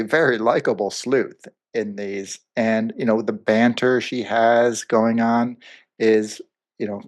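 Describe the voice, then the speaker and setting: A man co-hosting a movie review podcast, talking casually with lots of fillers and asides. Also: mid-range voice. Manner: rambling, animated, lots of fillers. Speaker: podcast co-host.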